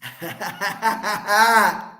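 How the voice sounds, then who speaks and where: A man's voice: high-pitched, steady tone, very slow, bright, forceful tone, roomy sound. A male financial coach hosting his show, delivering a fiery, profane motivational rant with a preacher-like cadence. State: fired up.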